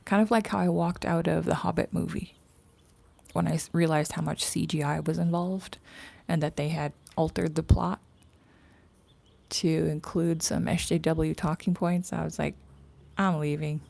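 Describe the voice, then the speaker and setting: Woman hosting a rambling livestream; low, gravelly, mellow voice with frequent whispered asides. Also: fairly even intonation, moderate pace, no room sound. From Canada. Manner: rambling, chatty, drops into whispered asides, laughs often. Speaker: livestream host. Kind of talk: casual livestream chat. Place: outdoors in morning sun.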